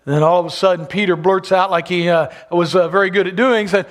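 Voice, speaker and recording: A man's voice: high voice, fairly even intonation, quick pace. A man preaching a sermon as pastor, retelling a gospel story and asking his listeners questions. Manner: storytelling, asks the congregation questions.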